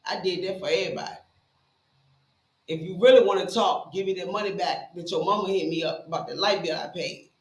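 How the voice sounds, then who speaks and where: A woman's voice: on the low side, a little fast, roomy sound, poor audio. A woman in her forties from Richmond, talking casually as a live stream guest in a blunt, profane, heated way. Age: 40s. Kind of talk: casual chat.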